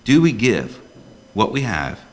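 A man's voice: on the low side, big pitch swings, unhurried, a little hiss or hum. A man preaching a sermon to a church congregation as a deacon, earnest and emphatic, full of rhetorical questions.

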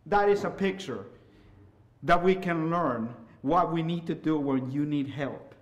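A middle-aged man preaching a sermon, swinging from loud, impassioned hollering down to soft, quiet asides. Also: fairly high pitch, a little slow.

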